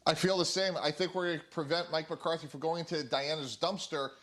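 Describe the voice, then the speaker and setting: Male TV analyst, lightish voice, confident, measured delivery. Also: a little high, fairly even intonation, fairly bright tone. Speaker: sports analyst. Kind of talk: television sports panel talk.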